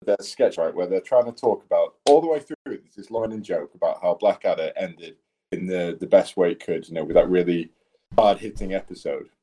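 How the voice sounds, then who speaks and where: Brief: low dark-voiced tattoo artist guest, rambling and sweary. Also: male voice, fairly quick. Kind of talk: casual chat.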